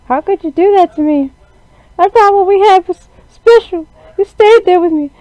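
Man doing a squeaky heartbroken zombie girl. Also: normal speed, dark tone, no echo. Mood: hurt, tearful. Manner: tearful, wounded, pleading. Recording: dull lo-fi sound.

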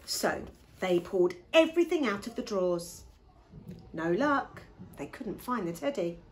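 Slow, expressive woman reading aloud. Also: mid-range voice. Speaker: teacher reading to children. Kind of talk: reading a picture book aloud.

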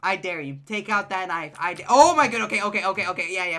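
A male game streamer with a high-pitched voice that sometimes cracks, chatting excitedly and answering his live chat while he plays. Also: fast, hardly any pauses. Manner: excitable, chatty, reacts to chat, repeats phrases.

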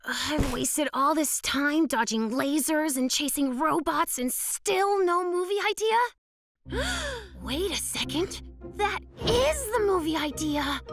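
Brief: an excitable cartoon pet director, high and bouncy, slow delivery, music underneath. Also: female voice. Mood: excited. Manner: animated, sighing and gasping. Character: eager young cartoon pet making movies.

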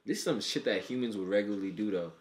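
A man giving casual, profane reaction commentary while he watches an anime, excitable and thinking out loud. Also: fairly low pitch, fast, reverberant.

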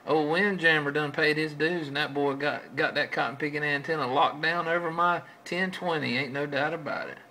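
A man's voice: on the high side, steady tone, moderate pace, few pauses, bright, forceful tone, slight background noise, rough recording. A man trading folksy CB radio chatter with other operators, drawing out his calls and repeating his stock phrases.

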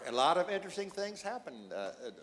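Man, stage host, lively pitch, audible crowd, background noise. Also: fast talker. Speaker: show host. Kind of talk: introducing a guest on stage.

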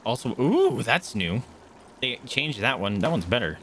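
A young man giving let's play commentary, excitable, yelping and swearing as he plays. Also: medium pitch, measured pace, slight background noise. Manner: excitable, yelps and swears while playing. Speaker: gamer. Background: loud game music.

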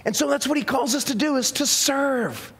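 A man's voice: very high-pitched, moderate pace, fairly bright tone. A man preaching a sermon to his congregation in a church, emphatic and folksy, repeating his key phrases for effect. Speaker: pastor. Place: church sanctuary.

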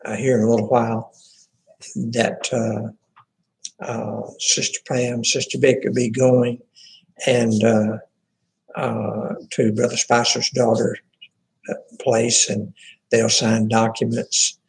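A man, a pastor talking informally through the church's prayer requests in a halting, folksy way with many fillers and restarts. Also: mid-range voice, little pitch movement, gravelly, rough recording.

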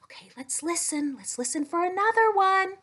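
A woman speech-language pathologist leading a playful children's lesson in an animated, sing-song, exclamatory way. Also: very high voice, normal speed.

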